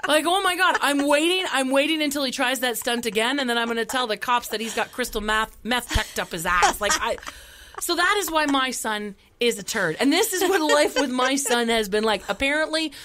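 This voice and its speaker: A woman's voice: high-pitched, fairly quick, noisy background. A woman in her forties, a podcast co-host telling funny stories in a casual chat and acting out the voices. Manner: animated comic storyteller, acts out voices.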